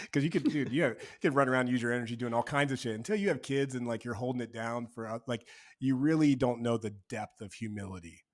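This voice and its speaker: A man's voice: mid-range voice, quick pace. A man speaking as a guest on a podcast, earnest and reflective, talking casually with loose fillers.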